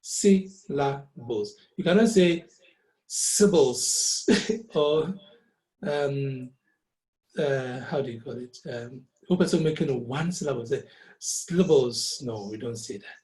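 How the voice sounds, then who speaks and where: A man's voice: medium pitch, normal speed, dark tone, poor audio. A man teaching a music lesson over a call, explaining step by step and slipping Twi phrases into his English. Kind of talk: online lesson.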